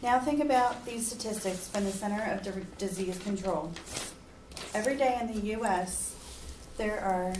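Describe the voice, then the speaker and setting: A woman's voice: mid-range voice, moderate pace, noisy background. A woman giving an earnest persuasive speech, at times emotional. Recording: echoey room, mic far off.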